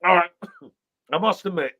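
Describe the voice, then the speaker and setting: A middle-aged man hosting a casual live chat over beers, loud and sweary in his banter, talking over a video call. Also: high-pitched, normal speed, lo-fi sound. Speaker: host.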